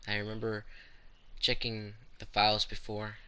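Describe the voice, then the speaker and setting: A man giving casual commentary while playing a game, muttering and reacting aloud, often hushed. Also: on the low side, completely flat delivery, moderate pace, clean tone. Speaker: gamer.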